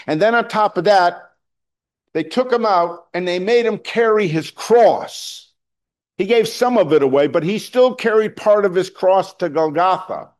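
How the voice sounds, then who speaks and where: A middle-aged man delivers a sermon in a fairly high voice. He talks to the congregation in a plain, conversational way, stumbling and restarting now and then, and pushes up to loud emphatic lines to drive his points home. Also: measured pace. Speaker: pastor.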